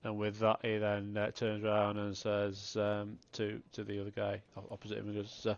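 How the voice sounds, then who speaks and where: A man narrating as game master, talking in halting bursts with many restarts. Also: fairly low pitch, completely flat delivery, dry recording. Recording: dry, slightly dull online call audio.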